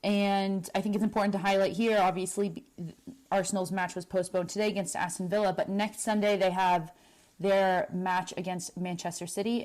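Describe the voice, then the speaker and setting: A young woman running through football results in a brisk, news-reader way. Her pitch sits in the middle for a woman, and the delivery stays even and focused. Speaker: podcast co-host. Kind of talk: sports news roundup.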